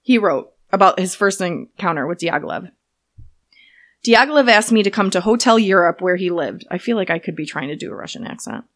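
A woman's voice: lowish voice, lively intonation, fairly quick, fairly bright tone. A young woman co-hosting a casual chat podcast, joking and swearing, reading excerpts aloud. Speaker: podcast co-host.

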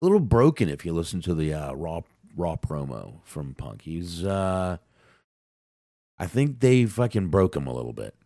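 A man co-hosting a casual wrestling podcast, talking profanely and excitably while he has a sinus cold. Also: sits low, normal speed, no room sound, clean studio sound. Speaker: podcast co-host.

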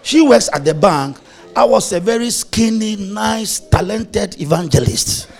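Male pastor, sermon, high gravelly voice, animated storytelling, laughing. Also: a little slow, soft background music. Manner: animated, playful, laughing preacher telling anecdotes.

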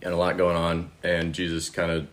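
A young man with a very deep voice talks in a relaxed group chat. He recounts things slowly and easily, pausing with small fillers.

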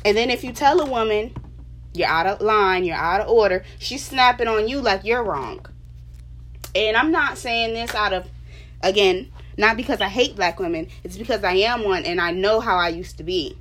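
A woman's voice: mid-range voice, moderate pace, fairly bright tone, a little hiss or hum. A woman giving an opinion monologue, passionate and emphatic, lecturing her viewers with small laughs between points. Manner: preachy, lecturing. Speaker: vlogger.

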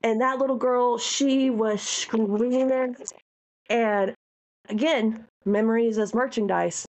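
A woman co-hosting a podcast in casual chat, an animated and heartfelt storyteller. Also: a little high, takes it slowly. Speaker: podcast co-host.

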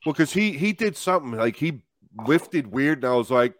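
A man co-hosting a podcast, telling a story in casual, animated chat with swearing and laughter. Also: fairly high pitch, normal speed. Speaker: podcast co-host.

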